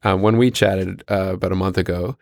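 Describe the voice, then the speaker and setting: A middle-aged man with a Canadian accent talks quickly in a very low, gravelly voice. He is a modest, easygoing guest who thinks out loud. The studio sound is dry and close. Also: steady tone, dry recording. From New Zealand. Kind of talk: casual interview chat.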